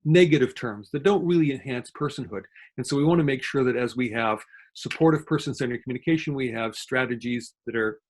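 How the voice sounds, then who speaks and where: A man lectures online at a quick clip in a voice of middling pitch. He explains points one by one, often stopping to correct himself or fill a pause. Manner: fast-talking; explanatory, with frequent fillers and self-corrections. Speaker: guest lecturer on dementia communication.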